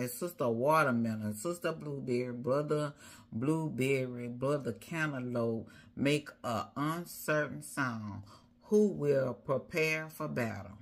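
Low husky woman preaching, keeps repeating lines to hammer it in. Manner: preachy, rhythmic, repeats phrases for emphasis. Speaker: prophetess preaching. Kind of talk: sermon.

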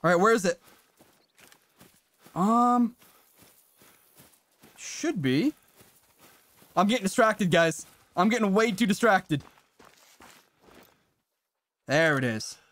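A man streaming a hunting game, chatting casually and excitably with viewers and swearing now and then. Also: high voice, takes it slowly, pauses often, no echo. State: briefly out of breath. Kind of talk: casual live-stream commentary.

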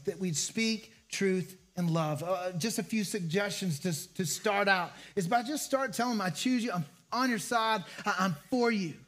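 Man, pastor, high voice, conversational sermon, repeats key lines. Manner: conversational preaching with repeated phrases and rhetorical questions.

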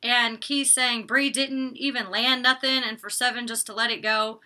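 A woman's voice: a little high, steady tone, normal speed, pushed and bright. A young woman recapping a reality show in a casual vlog, chatty and opinionated, cursing freely as she acts out what the cast said. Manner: chatty and opinionated, recaps scenes with quoted lines, curses casually.

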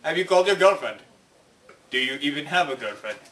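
A man's voice: a little high, expressive, fairly quick, a bit bright, reverberant, far from the mic, slight background noise. A young man in a comedy sketch, needling with mocking questions.

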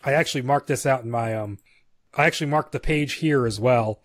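A man's voice: medium pitch, fairly quick, dry recording. A man co-hosts a podcast, chatting and then reading a screenplay's narration aloud, stumbling now and then and breaking off for asides. His voice sits in the middle range and sounds dry, with no room around it. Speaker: podcast co-host. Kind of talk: casual chat and script read-aloud.

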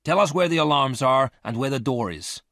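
A man's voice: medium pitch, lively intonation, a little fast, a bit bright, dry recording, studio quality, pitched above the performer's own voice. A man doing a blunt, impatient gunman. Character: hard impatient man with a laser gun.

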